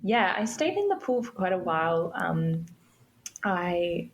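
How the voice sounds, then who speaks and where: A young woman telling a personal story as a podcast guest, unhurried and reflective. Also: lowish voice, expressive, muffled recording, slight background noise. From Australia.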